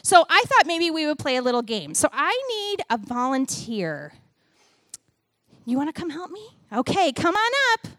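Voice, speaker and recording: A middle-aged woman giving a sermon with a children's object lesson, animated and playful as she talks to the kids and the congregation. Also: sits high, moderate pace, dry recording, studio quality. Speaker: church speaker giving a children's message.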